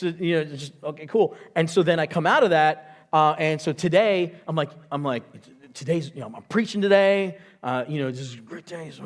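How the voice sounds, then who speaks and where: A man's voice: on the high side, a little hiss or hum. A man preaching a sermon, telling stories in a chatty way and acting out the quotes. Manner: chatty storytelling with acted-out quotes. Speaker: pastor. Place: church auditorium.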